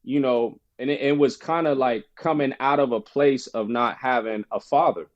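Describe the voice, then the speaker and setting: A man's voice: medium pitch, normal speed, highs cut off. Man telling a story, acting out voices. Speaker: podcast guest, former basketball player. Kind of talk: casual storytelling interview.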